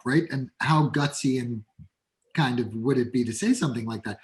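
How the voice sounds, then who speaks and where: A man's voice: mid-range voice, moderate pace, a little mellow. A man with a New York accent, a workplace coach speaking as a guest in a casual interview, blunt and emphatic. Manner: blunt, emphatic, acts out example dialogues. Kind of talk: conversational podcast interview.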